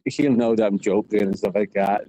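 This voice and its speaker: A man's voice: lowish voice, a little slow, warm tone, no room sound, low-quality recording. Welsh man, walking vlog, rambling and chuckly, dry close sound. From South Wales. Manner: rambling, keeps saying "you know what I mean", laughs often. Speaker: vlogger. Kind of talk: rambling walk-and-talk vlog. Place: outdoors, walking around town.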